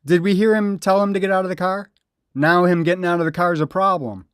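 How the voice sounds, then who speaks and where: A man talks over police footage, mocking and indignant. His voice sits fairly high, and it is recorded close and dry with no room sound. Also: fairly even intonation, fast, a bit bright, smooth, no echo. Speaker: video commentator. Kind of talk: angry commentary over bodycam footage.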